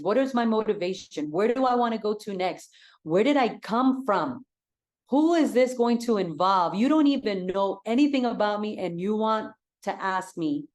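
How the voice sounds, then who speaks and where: A woman's voice: mid-range voice, a little mellow. A woman real estate coach giving an enthusiastic, direct talk and repeating her key points for emphasis.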